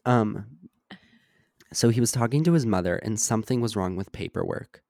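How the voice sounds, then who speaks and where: A man's voice: lowish voice, normal speed, darkish tone, dry recording. Young man telling a story on a dry mic. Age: young adult. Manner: storytelling, reenacting overheard lines with many "like" fillers. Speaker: podcast co-host. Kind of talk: casual chat.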